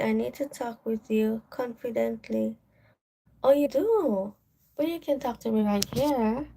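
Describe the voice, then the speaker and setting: Gravelly-voiced Caribbean woman chatting on a livestream. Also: on the high side, mellow, slight background noise. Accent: Caribbean English. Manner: chatty, reads viewer comments aloud and answers them. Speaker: livestream host. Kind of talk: casual morning livestream chat.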